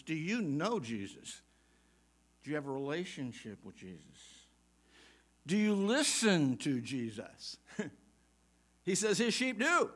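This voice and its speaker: A male preacher delivering a sermon, his voice sitting a little high and swinging widely in pitch as he moves between reading scripture and questioning the congregation. He presses his points with repeated emphatic questions and chuckles here and there. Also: a bit bright. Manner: emphatic, asks the congregation rapid questions, reads scripture aloud.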